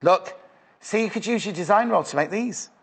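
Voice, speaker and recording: A man's voice: sits high, normal speed, slightly rough. A man presenting live on a shopping channel in a studio, with chatty, rambling sales patter.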